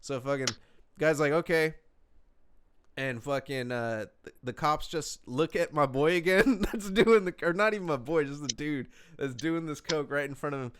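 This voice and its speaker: A man's voice: a little high, moderate pace, smooth. Resonant-voiced young man telling a story. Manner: profane, laid-back slang with many fillers. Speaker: podcast co-host telling a story. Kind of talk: casual storytelling chat.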